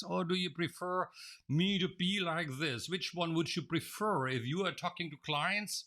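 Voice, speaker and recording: A man's voice: a little high, normal speed, pushed and bright. A man running a live online coaching training over a video call. He addresses viewers directly, reads out names from the chat and often repeats words as he restarts sentences. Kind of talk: interactive live webinar teaching. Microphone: video call microphone.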